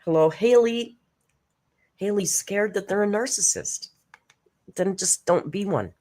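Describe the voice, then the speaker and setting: A woman's voice: medium pitch, measured pace, mellow. A woman hosting a live reaction stream, chatting casually, greeting viewers by name and laughing often.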